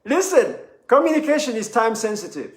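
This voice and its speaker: His pitch is extremely high and his delivery very animated and a little fast, recorded with a roomy sound. This motivational speaker hammers points home by repeating phrases and performing the voices he quotes.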